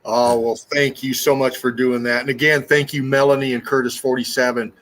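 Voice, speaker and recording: A man hosting a casual livestream, speaking in slow, drawn-out, awed remarks. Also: mid-range voice, flat delivery, a bit bright, slight background noise. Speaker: livestream host.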